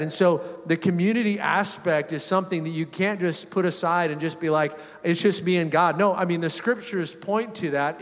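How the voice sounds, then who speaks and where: This man preaches a storytelling sermon with a relaxed, conversational, animated style, frequently breaking into chuckles mid-sentence. His pitch sits a little above the usual male range, and long reverb rings after each phrase as if in a large church.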